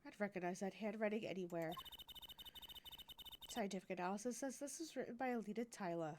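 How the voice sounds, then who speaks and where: A woman's voice: medium pitch, a little fast, background noise, close to an everyday voice. A woman voicing a grumpy young female detective who speaks dryly and dismissively. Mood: irritated.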